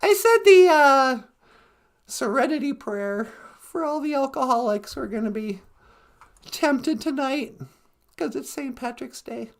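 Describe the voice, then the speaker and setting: This Minnesota woman co-hosting a relaxed live stream has a high, creaky voice with lively intonation and a measured pace. Playful and quick to laugh, she throws in silly computer-beep noises.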